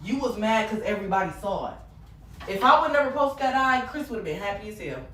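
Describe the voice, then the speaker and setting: A woman's voice: medium pitch, expressive, fast, pushed and bright, echoey room, slight background noise. A woman hosting a livestream, venting in a blunt, heated, profane way. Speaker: livestream host.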